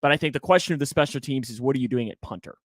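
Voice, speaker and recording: A man co-hosting a sports podcast who jokes a lot and gets animated, his voice jumping upward when he gets excited. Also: racing, no room sound, studio quality. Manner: animated, jokey, pitch jumps up when excited. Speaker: podcast co-host. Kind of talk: casual sports chat.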